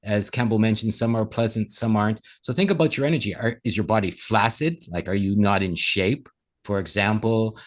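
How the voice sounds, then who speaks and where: Earnest low-voiced man, motivational chat. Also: a little fast. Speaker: co-host. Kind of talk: casual conversation.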